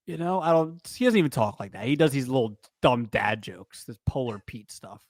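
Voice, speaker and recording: A man's voice: mid-range voice, animated, moderate pace, no echo, studio quality. A man co-hosting a casual sports podcast. He rambles, cracks jokes and corrects himself mid-sentence, and he talks while eating a snack. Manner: rambling, joking, self-correcting. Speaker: podcast co-host.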